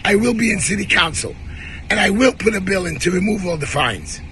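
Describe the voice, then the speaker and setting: A hoarse man giving a fiery, defiant rallying speech and shouting slogans to his community. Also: high-pitched, expressive, a little fast, a little hiss or hum. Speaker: activist addressing his community.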